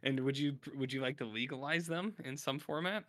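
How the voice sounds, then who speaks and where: A man's voice: mid-range voice, brisk, a bit bright, no room sound, clean studio sound. A man co-hosting a podcast in a casual, rambling chat, laid-back and sometimes swearing. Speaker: podcast co-host.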